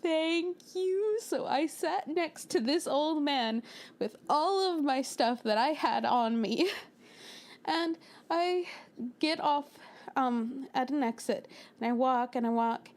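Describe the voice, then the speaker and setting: A young woman from the United States, telling a storytime over a speedpaint in an animated way. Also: sits high, slow pace. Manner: animated, acts out quoted lines with little voices and laughs. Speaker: storytime narrator.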